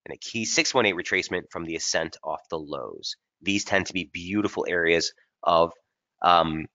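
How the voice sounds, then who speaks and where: A man's voice: fairly low pitch, sharp tone, muffled recording. A man hosting a live trading webinar, talking casually and energetically straight to his viewers as he walks through market analysis over charts.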